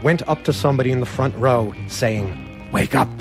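A man telling a funny personal story in a wry, animated way, acting out the other people's lines. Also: mid-range voice, normal speed. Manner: wry, animated, acts out voices. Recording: music bed behind voice.

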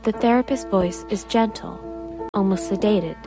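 A woman reading a prose story aloud in a measured, storytelling manner. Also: mid-range voice, over music. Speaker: narrator.

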